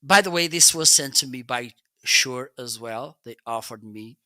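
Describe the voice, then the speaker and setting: A man hosts a relaxed product review livestream, chatting and often checking in with "okay?". His voice is very bright and forward. It is recorded dry and close on a studio microphone. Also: mid-range voice, unhurried, dry recording. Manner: chatty, repeats "okay?", frequent restarts. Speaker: live-stream product reviewer. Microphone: close dynamic studio mic.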